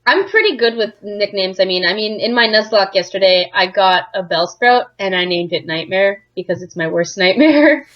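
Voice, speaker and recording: Lively woman gamer on a dull mic. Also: mid-range voice, moderate pace, few pauses. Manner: lively, playful banter. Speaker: co-host of a game playthrough. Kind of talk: casual gaming commentary.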